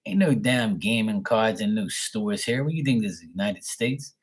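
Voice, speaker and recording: A man's voice: fairly low pitch, lively intonation, moderate pace, breathy edge. A man, a show host telling a story in a blunt, profane and amused way. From Bermuda. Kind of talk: casual storytelling.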